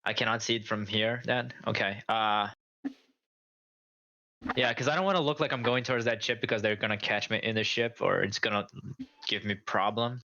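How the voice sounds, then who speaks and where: Stammering, bright-voiced male player. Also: lowish voice, normal speed. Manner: hesitant, stammering questions and plans. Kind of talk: playing a tabletop game. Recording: dull lo-fi mic.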